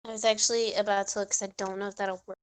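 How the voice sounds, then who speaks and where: A woman's voice: mid-range voice, flat delivery, rapid-fire, noisy background. Woman tabletop player, musing aloud over her options. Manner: thinking aloud, unsure. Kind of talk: casual tabletop game chat.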